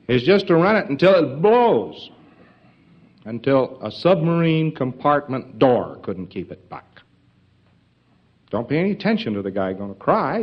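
A man's voice: mid-range voice, lo-fi sound. A man giving an informal lecture to trainees in a folksy, emphatic way, with joking asides.

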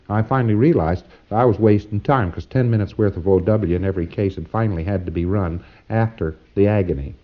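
A man with a lowish voice lectures trainees in a folksy, wry manner, occasionally acting out quick back-and-forth exchanges. The audio is dull and muffled, like an old tape.

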